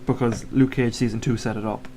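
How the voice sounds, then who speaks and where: A man's voice: medium pitch, steady tone, brisk, background noise. A man rambling through a casual chat, often restarting his sentences. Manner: rambling, restarts, acts out characters' lines. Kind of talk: casual chat about superheroes.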